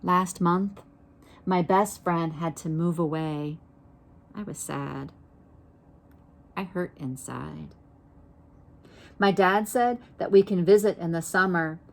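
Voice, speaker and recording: Female reader for a children's picture book: slow, gentle, somewhat low voice, stops to pose questions to listeners. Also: creaky. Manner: gentle, unhurried, pauses to ask listeners questions. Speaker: storybook reader.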